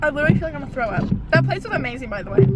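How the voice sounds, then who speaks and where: Bubbly high-voiced woman vlogger. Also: very fast. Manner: bubbly, chatty, excitable. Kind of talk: casual vlog chat. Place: in a car, then indoors. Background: loud music.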